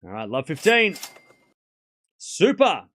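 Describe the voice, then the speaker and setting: A man with a high, ringing voice hosts a live tennis watchalong. His pitch jumps around a lot as he calls each point in a chatty play-by-play, thanks donors and breaks into laughter. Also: slow. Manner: chatty play-by-play, reads out donations; laughs often, excitable. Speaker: tennis stream host.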